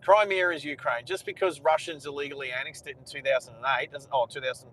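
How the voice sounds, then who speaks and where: A man's voice: a little high, steady tone, quick pace, a bit bright, breathy edge, low-quality recording. An Australian man rambling in casual chat while he drives, often restarting his sentences. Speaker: co-host driving. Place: inside a moving car.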